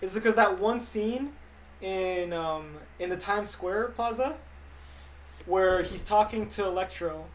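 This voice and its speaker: A young man rambling casually on a livestream, reading viewer questions aloud and answering them into a desk mic that clips when he gets loud. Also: sits high, slow pace, a little hiss or hum. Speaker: livestreaming animator.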